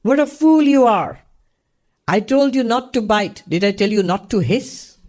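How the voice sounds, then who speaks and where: A man's voice: on the high side, expressive, normal speed, lightly acted. A man voicing a wandering holy man who scolds a snake, with a raised, emphatic voice as he tells a story. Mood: scolding.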